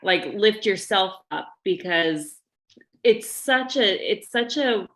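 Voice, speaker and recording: A woman's voice: mid-range voice, animated, takes it slowly, a bit bright. A woman author talking casually on a podcast as co-host and guest, chatty and full of fillers. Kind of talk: casual chat.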